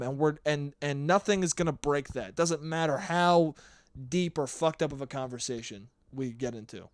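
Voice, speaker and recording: This young man's voice is a little high and smooth, recorded close with no echo and sirens going outside. Hungover, he hosts a casual solo podcast, drifting between rambling, swearing, and sincerity, laughing now and then.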